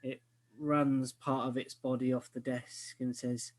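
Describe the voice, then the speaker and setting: Slow-narrating game master, man. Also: mid-range voice, flat delivery, a little hiss or hum. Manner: slow, halting narration with fillers.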